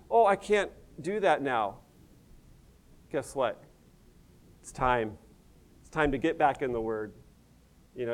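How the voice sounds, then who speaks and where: A man's voice: fairly high pitch, smooth. A middle-aged American man, a pastor, preaching a sermon in a conversational, folksy way full of asides. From United States. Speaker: pastor and missions director.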